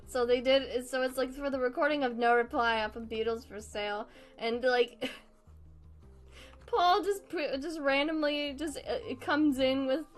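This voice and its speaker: A young woman chatting casually as she draws on stream, rambling, laughing often and swearing freely. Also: high-pitched. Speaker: art streamer. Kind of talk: casual chat while drawing.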